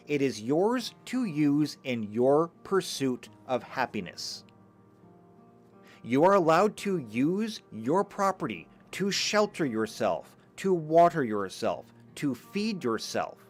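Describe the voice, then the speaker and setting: Guy giving a live lecture, emphatic, voice rises and falls a lot, some music low behind. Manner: animated, emphatic, with occasional stammered restarts. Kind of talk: live lecture reading chat comments.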